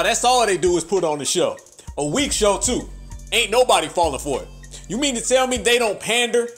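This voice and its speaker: A man's voice: sits high, fairly bright tone. A man giving heated, mocking, profane political commentary.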